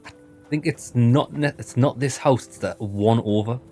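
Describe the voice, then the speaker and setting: A man with a Sunderland accent giving casual commentary while playing a game, chatty and quick to laugh. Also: medium pitch, warm tone, soft background music. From north-east England. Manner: chatty, laughing, mimics dialect. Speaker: gaming let's-player.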